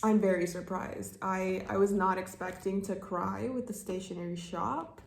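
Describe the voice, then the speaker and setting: A woman's voice: mid-range voice, fairly even intonation, normal speed, vocal fry. A young woman book vlogger talking casually, tearful and laughing through tears, dramatic about a book. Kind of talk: casual vlog. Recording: roomy echo, faint noise.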